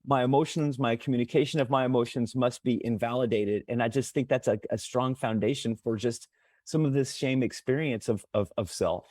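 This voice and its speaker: A man on a mental health podcast, speaking haltingly with repeated words and explaining through everyday analogies. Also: medium pitch, darkish tone, no echo, studio quality. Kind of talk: podcast conversation.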